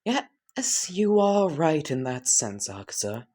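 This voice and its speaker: A man's voice: fairly high pitch, big pitch swings, pitched above the performer's own voice, full character voice. A man doing a smug, flirty demon. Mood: teasing. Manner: soft, drawn-out, teasing. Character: flirty smug male demon, cheerfully creepy.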